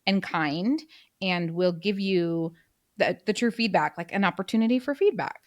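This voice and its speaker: A woman's voice: medium pitch, moderate pace. Candid woman in her late thirties. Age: late 30s. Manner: candid, swears freely, self-mocking. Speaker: podcast co-host. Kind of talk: casual chat.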